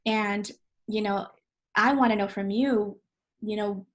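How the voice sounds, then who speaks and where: A woman's voice: mid-range voice, fairly even intonation, takes it slowly. A woman hosting as a life coach, talking in an encouraging, upbeat way. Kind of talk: casual conversation.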